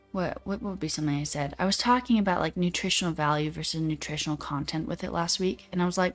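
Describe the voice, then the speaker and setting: A young woman hosts a livestream in casual, easygoing chat, reading out viewer comments and riffing on them playfully. Her voice sits a little on the low side. Faint music plays quietly behind her. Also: fast. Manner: chatty, laid-back, quotes AI voices playfully. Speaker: livestream host.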